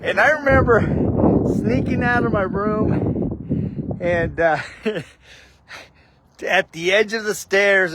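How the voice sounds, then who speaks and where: A man's voice: high voice, pushed and bright, slight background noise. A man casually telling a heartfelt personal story with a faith reflection, often saying "dude". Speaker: vlogger.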